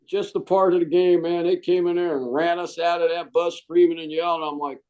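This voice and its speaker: A middle-aged man, a Marine veteran, telling stories in a casual interview, animated and jokey and saying "man" a lot. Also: a little high, brisk, poor audio.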